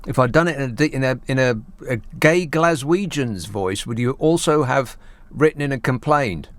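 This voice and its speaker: A man hosting a talk radio show, bantering in a sarcastic, deadpan way. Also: medium pitch, normal speed, no echo. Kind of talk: solo talk radio chat.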